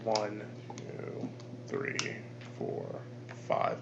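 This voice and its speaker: Man running a tabletop game. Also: slight background noise. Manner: halting, restarts while describing, chuckles. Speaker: game master. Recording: dull lo-fi podcast audio.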